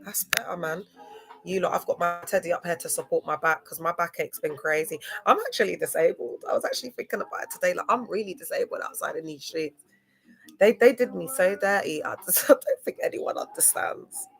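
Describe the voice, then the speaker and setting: A woman's voice: fairly low pitch, a little fast, gravelly, soft background music. A woman talking to livestream viewers in a loose, slangy, digressive way, drifting between topics. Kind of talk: rambling livestream talk to viewers.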